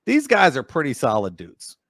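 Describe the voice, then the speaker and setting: Wry male co-host with a lively voice. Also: mid-range voice, normal speed, no room sound, studio quality. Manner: wry, dramatic, swings voice for quotes. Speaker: radio show co-host. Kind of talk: casual comedic radio chat. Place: radio studio.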